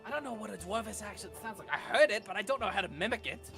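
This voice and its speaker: High, animated male player on a tabletop stream, flustered and questioning. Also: fast, gravelly, music in the background. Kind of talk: casual tabletop game chat.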